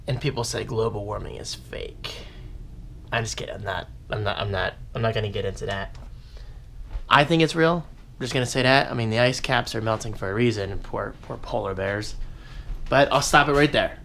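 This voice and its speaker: A man's voice: lowish voice, moderate pace, vocal fry, a bit bright, slight background noise. A man chatting casually to his viewers in a daily vlog, joking and talking to the camera as he goes about his day. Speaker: vlogger.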